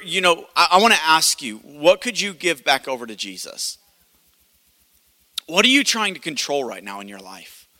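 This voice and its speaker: A pastor in his thirties preaches to his congregation, telling a story in an animated way and slipping into the voices of the people in it. His voice is very bright and a little high. The sound rings with the long reverb of a church hall. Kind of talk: sermon with personal story.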